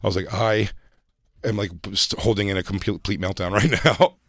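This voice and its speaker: A man's voice: fairly low pitch, a bit bright, no room sound. A man co-hosting a comedy talk show, chatting casually and frankly in a rambling way with lots of fillers, recorded in a radio studio. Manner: rambling, fast, frank storytelling with many fillers. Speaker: podcast co-host, comedian. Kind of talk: casual chat. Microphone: studio microphone.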